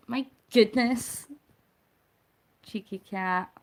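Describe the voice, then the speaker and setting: A woman's voice: on the high side, fairly even intonation, a little slow, long pauses. A woman chatting affectionately with viewers on a charity live stream, laughing often. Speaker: vlogger livestreaming a charity cycle.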